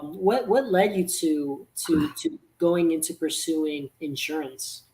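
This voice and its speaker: Interview host, kinda hesitant, restarts a lot, mid pitch. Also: sing-song, measured pace, mellow, poor audio. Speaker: channel host. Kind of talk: casual interview hosting.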